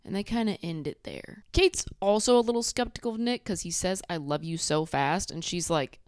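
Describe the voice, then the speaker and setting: A woman's voice: on the low side, moderate pace, hardly any pauses, no room sound. A woman hosting her own channel, giving a blunt, profane, sassy recap of a reality show. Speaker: YouTube recap host.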